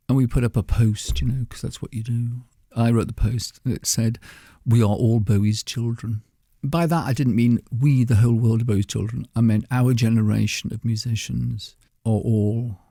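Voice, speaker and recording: A man's voice: mid-range voice, vocal fry, warm tone, no room sound, studio quality. An older man telling stories as a guest on a radio show, chatty and laughing often. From England. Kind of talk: anecdotal radio conversation.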